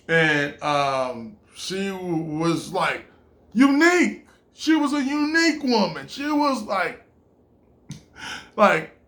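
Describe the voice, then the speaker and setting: A man's voice: sits high, fairly bright tone. A man in his twenties telling a casual personal anecdote, rambling, full of "like" and laughing often. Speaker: storyteller.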